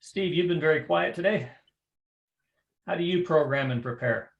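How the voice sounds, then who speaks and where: A man's voice: fairly high pitch, normal speed, gravelly, reverberant, lo-fi sound. A man instructing a square dance calling class, talking conversationally and repeating words as he explains. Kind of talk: online class teaching.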